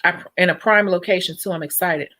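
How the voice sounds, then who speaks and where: A woman's voice: lowish voice, fairly even intonation, fairly quick, pushed and bright. A young woman who works as a nail technician, chatting casually and animatedly with her viewers and laughing often. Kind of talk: casual vlog chat with viewers.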